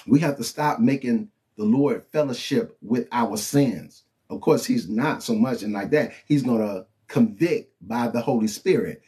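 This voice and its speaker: A man's voice: medium pitch, measured pace, few pauses. A man preaching and teaching from the Bible in an informal, colloquial way, often checking in with his listeners. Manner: animated and colloquial, with frequent "you know what I'm saying" and "okay?".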